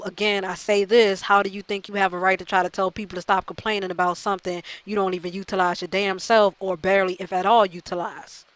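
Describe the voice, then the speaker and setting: A woman rants into a close mic about a video game, exasperated and swearing freely. She circles back and hammers the same points again and again. Her voice sits at a middling pitch, and the recording is dry, with no room sound. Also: no room sound, low-quality recording. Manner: exasperated, profane, repeats herself. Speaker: gaming channel host. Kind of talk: ranting video commentary.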